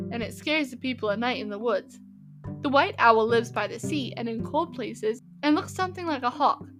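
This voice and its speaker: A woman voicing a careful young boy reading a school composition in a slow, deliberate way. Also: sits high.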